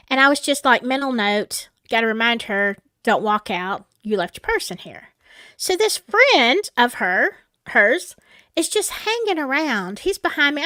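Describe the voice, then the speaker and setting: A high-voiced woman with a drawl tells a story from church, and her pitch swings up and down as she goes. She chats casually and acts out each quoted exchange. The recording is close and dry, with no room sound. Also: fairly bright tone, no room sound. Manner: chatty, acts out quoted dialogue with asides. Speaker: channel host talking about church abuse. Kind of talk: personal storytelling commentary.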